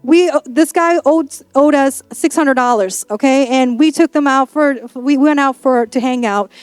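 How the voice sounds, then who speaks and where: A woman's voice: high voice, moderate pace, no echo, soft background music. A woman pastor preaching a sermon in a church, in a playful, conversational way with acted-out asides.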